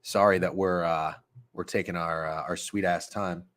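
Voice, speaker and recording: A man's voice: low voice, steady tone, normal speed, a bit bright. A young man casually hosting a sports betting livestream, rambling and swearing as he talks to his chat. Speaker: sports betting stream host.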